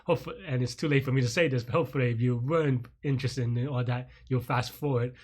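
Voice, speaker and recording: A man chatting loosely on a coding livestream, his voice a little husky and sitting at an ordinary middle pitch. He rambles, circles back with fillers and restarts, and pokes fun at himself now and then. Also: steady tone, fast, darkish tone. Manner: self-deprecating with light laughs. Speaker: programming streamer. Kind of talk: casual livestream chat.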